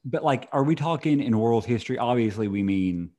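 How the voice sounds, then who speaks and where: A man's voice: medium pitch, expressive, fairly quick, a crowd in the background. A young man co-hosting a casual podcast, dry and wisecracking. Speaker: podcast co-host.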